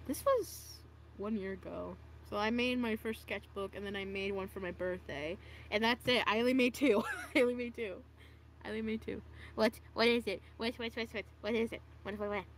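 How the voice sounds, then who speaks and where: A woman's voice: mid-range voice, normal speed, a little hiss or hum. A young woman casually vlogging about her old art, self-mocking and dramatic, with groans and giggles. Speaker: video creator. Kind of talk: casual vlog reacting to own old art.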